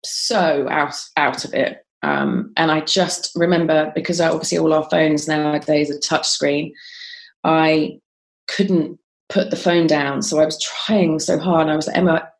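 A woman guest on a podcast telling a personal story in a halting, conversational way, with frequent ums and restarts. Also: sits low.

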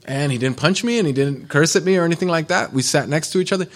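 A man's voice: a little high, fast, a bit bright. A middle-aged man, a pastor, preaching a sermon in a casual, storytelling way, mixing scripture with personal anecdotes and humor.

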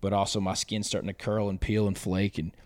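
A man's voice: on the low side, brisk, no room sound. A young man, a podcast guest casually telling a story and acting out the quotes. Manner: animated storyteller, acts out quotes loudly.

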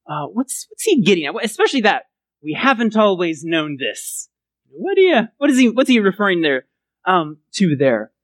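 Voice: mid-range voice, very animated, a little fast, dry recording. A pastor from Texas preaching a sermon in a chatty, conversational way, often checking in with the listeners by asking "right?". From Texas, USA.

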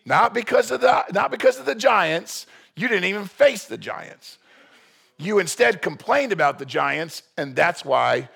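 A man preaching a sermon in a casual, emphatic way, with sudden loud bursts of force. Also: high voice, sing-song, a little slow, vocal fry, slightly rough. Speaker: pastor.

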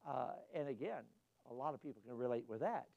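A man's voice: mid-range voice, lively intonation, fast, gravelly, a little mellow, muffled recording. A man preaching a sermon in a folksy, storytelling way, rising to emphatic peaks.

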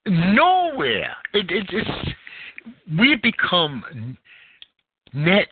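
Guy hosting a call-in show, talks loose and swears a lot, voice jumps all over, sounds like a phone. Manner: animated, profane storytelling with wide pitch swings. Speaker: podcast host. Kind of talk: casual chat. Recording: tinny phone line.

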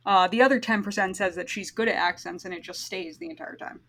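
A woman's voice: mid-range voice, fast talker, a bit bright, low-quality recording. A woman hosting a podcast, recapping a film in casual chat, blunt and opinionated and swearing freely. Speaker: podcast host.

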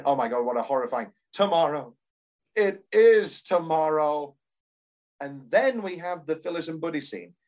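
A British man co-hosting a theatre podcast, talking passionately in casual chat, swearing and reading script lines aloud in mock voices. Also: a little high. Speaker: podcast co-host.

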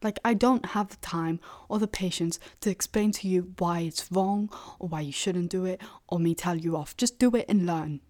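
A woman's voice: lowish voice, moderate pace, few pauses, dark tone. A young woman hosting a solo podcast, rambling bluntly and sarcastically and often dropping into a half-whisper. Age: young adult. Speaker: podcast host. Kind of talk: casual solo podcast monologue.

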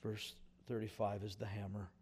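A male pastor preaching a sermon in a conversational, folksy way, swinging from quiet asides up to emphatic, louder points. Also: completely flat delivery, normal speed, slightly rough. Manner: rises in pitch and volume for emphatic points, drops to quiet asides.

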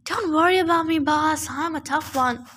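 A woman voicing a tired, loyal male pegasus who pants and talks in a breathy whisper. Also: sits high, normal speed, sharp tone. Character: weary loyal male pegasus, cheeky and tough.

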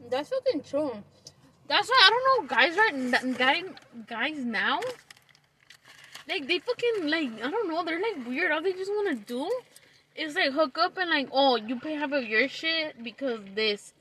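Bright-voiced young woman. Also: high voice, sing-song, unhurried, a little hiss or hum. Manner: profane, reactive, blunt. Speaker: podcast co-host. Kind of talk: casual chat.

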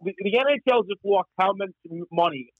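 A man's voice: high voice, no room sound, dull audio. A man talking hockey in a casual panel chat, stumbling and restarting as he argues his points. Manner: halting, many restarts.

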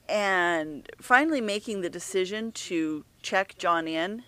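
Earnest middle-aged woman, open and halting. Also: lowish voice, fairly bright tone, smooth, no echo. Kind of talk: candid personal conversation.

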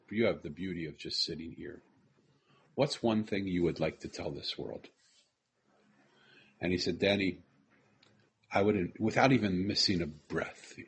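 A man with a very low, gravelly voice tells a personal story in an earnest, heartfelt way. He circles back over his phrases and acts out the conversations he had. A faint hum of noise sits behind him. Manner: earnest, repeats phrases, quotes people in conversation. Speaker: speaker telling a personal story.

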